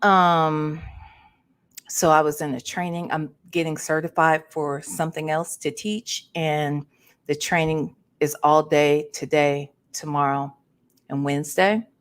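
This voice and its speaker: A tired, low-energy woman hosting a casual livestream and greeting her chat one by one. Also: little pitch movement, unhurried, smooth. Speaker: livestream host.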